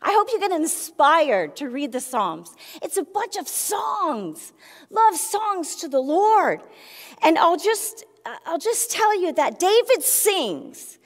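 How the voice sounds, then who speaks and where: A woman's voice: extremely high pitch, in a large hall. A woman in her forties preaching a sermon, emphatic and emotional, often exclaiming. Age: 40s. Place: church sanctuary.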